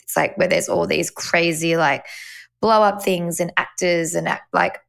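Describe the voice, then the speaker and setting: A woman co-hosting a podcast, recounting her week in relaxed, teasing casual chat. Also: lowish voice, measured pace, vocal fry. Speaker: podcast co-host.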